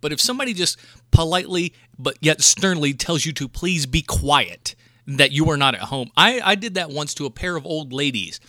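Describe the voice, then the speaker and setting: A man's voice: a little high, animated, moderate pace, sharp tone, no echo, clean studio sound. A man hosting a podcast, ranting in a profane, fired-up way about rude moviegoers in casual chat. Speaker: podcast host.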